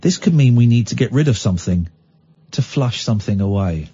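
A man hosting a radio show, teasing his co-host and mocking what he reads out. His voice swings widely in pitch and has a husky edge. The sound is dull and lo-fi. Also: brisk. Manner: sarcastic, teasing, animated storytelling. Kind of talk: casual radio chat.

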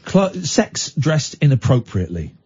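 A man's voice: mid-range voice, big pitch swings, a little slow, darkish tone, breathy edge. A man hosting a casual radio chat show, teasing and sarcastic, telling stories with lots of animation. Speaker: radio host. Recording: dull lo-fi radio sound.

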